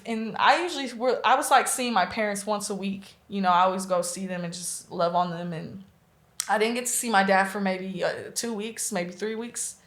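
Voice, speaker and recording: A Reiki practitioner from Omaha, Nebraska, guests on an interview show and earnestly tells a personal story, using many fillers and quoting dialogue. Her voice is mid-range and fairly bright, with a roomy sound.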